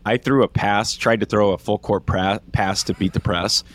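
A man's voice: on the low side, moderate pace. A man co-hosting a podcast, a former walk-on player telling profane, laughing stories in casual chat. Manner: laughing, profane, animated storytelling.

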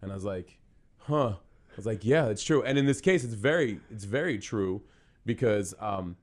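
Male podcast host, low voice, animated storyteller who laughs easily. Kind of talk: conversational podcast interview.

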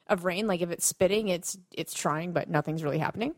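A woman with a fairly low voice hosts a podcast interview. She talks in a friendly, chatty way. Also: a little fast. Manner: friendly, chatty, laughs along. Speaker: podcast host. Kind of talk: casual interview chat.

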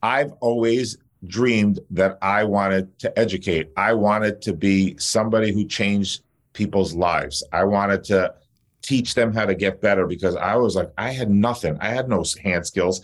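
A man's voice: on the low side, normal speed. A male dentist and educator talking in a casual interview, blunt, fired-up and openly emotional.

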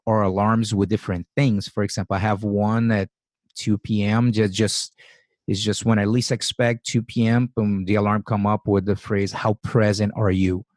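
Low-voiced casual podcast host. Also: male voice, no echo, clean studio sound. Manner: relaxed, casual, many fillers and acknowledgements. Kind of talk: conversational interview.

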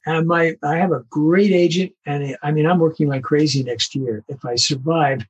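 An older man, a veteran voice actor, telling stories in an interview with lively acted-out quotes. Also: a little high, normal speed, slightly rough, muffled recording. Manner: animated anecdotes, acts out quoted voices. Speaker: voice actor guest. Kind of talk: storytelling interview.

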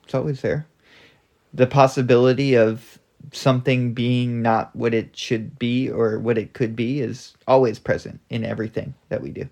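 A man in his thirties with a mid-range voice co-hosts a casual podcast conversation. He talks in a reflective, measured way and thinks ideas through as he goes. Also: mid-range voice, fairly even intonation, creaky, darkish tone. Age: 30s. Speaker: podcast co-host.

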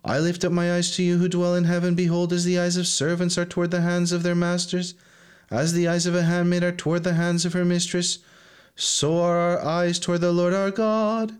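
A man chanting liturgical hymns slowly and solemnly as a reader. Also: high voice, completely flat delivery, clear, resonant tone. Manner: slow, measured, solemn chanting. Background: loud instrumental music.

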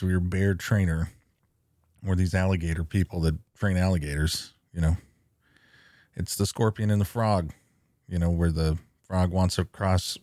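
A man's voice: low-pitched, darkish tone, no echo, studio quality. A man hosting a podcast, chatting in a rambling, easygoing way. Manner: chatty, rambling, quick to laugh. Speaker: podcast host. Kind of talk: casual chat.

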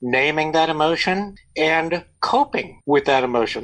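A man's voice: fairly high pitch, expressive, a little slow, a bit bright, rough recording. A middle-aged man in casual conversation, giving earnest parenting advice. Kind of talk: casual chat.

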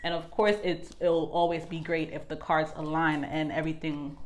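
A woman's voice: low-pitched, level tone, normal speed. A woman co-hosting a casual podcast, asking probing questions. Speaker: podcast co-host.

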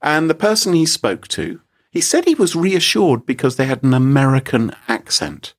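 With a fairly high-pitched voice and a normal speaking pace, a male podcast co-host tells a story in lively, casual conversation and laughs a lot along the way.

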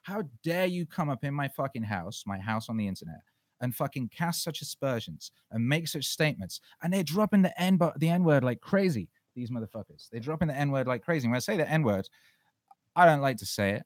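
A man's voice: medium pitch, expressive, fairly quick, no echo. A man hosting a casual livestream Q&A, talking in a profane, fired-up ranting way. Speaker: livestream host.

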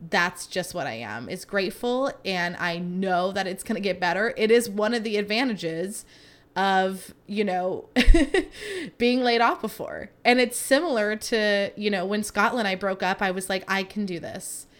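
A woman's voice: medium pitch, expressive, normal speed. Woman, thirties, solo podcast host, casual and dramatic, laughs easily. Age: 30s. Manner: chatty and dramatic, laughing between thoughts.

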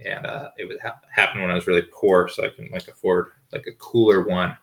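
A man in his thirties hosts a podcast from home, his low, creaky voice delivered flatly and a little fast. He tells rambling stories loaded with fillers and swearing in a casual monologue while dogs bark nearby.

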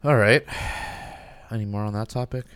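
A man hosting a casual podcast chat, relaxed and joking, swearing now and then. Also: fairly low pitch, moderate pace, clear, resonant tone, no room sound.

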